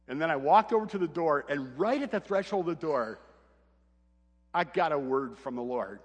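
A middle-aged pastor delivers a sermon anecdote about his family, funny and animated, voicing the quotes himself. His fairly high, slightly rough voice runs a little fast, with a long reverb tail.

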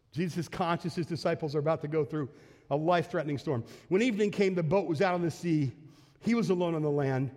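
A man's voice: a little high, quick pace, darkish tone, long reverb tail. A man preaching a sermon as a pastor, in a conversational style that acts out quotes and asides. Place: church sanctuary.

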